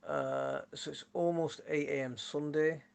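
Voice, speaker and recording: A man's voice: on the high side, fairly even intonation, a little slow, gravelly. A man with a Yorkshire accent hosting a casual gardening live stream, rambling and chatty as he answers viewer comments, laughing often on a phone mic. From Yorkshire, England. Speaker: gardening channel host.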